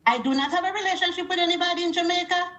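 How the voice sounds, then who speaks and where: Very high-voiced woman telling a story. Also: racing. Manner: animated, acts out quoted dialogue. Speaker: caller. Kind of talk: call-in storytelling. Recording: roomy echo.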